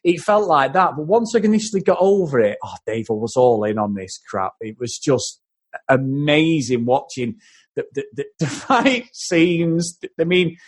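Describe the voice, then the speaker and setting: A podcast co-host with a mid-range, slightly rough voice animatedly mocks scenes from an old film, swearing freely in a casual film-review chat.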